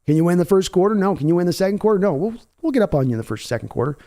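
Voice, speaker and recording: Brief: live stream host, tired fading voice, analytical, mellow tone, a bit high. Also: male voice, sing-song, rapid-fire. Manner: analytical, reads donor comments aloud. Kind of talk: live sports reaction commentary.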